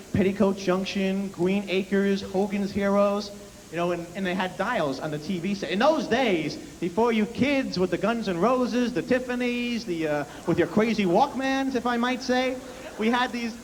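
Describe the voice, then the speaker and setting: High-voiced stand-up comedian in a hall. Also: male voice. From New York. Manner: rapid storytelling with mock-indignant asides. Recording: reverberant hall with faint hiss.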